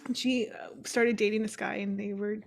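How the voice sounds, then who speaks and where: A woman's voice: mid-range voice, steady tone, normal speed, gravelly. A young adult woman co-hosting a casual chat show, swearing freely, laughing often and telling stories with animation. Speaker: podcast co-host.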